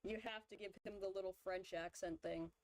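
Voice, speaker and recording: A woman's voice: mid-range voice, fairly even intonation, brisk, a little mellow, no echo, poor audio. A woman streamer in casual chat, rambling through her opinions with lots of fillers and restarts. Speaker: vtuber streamer. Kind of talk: casual chat while drawing.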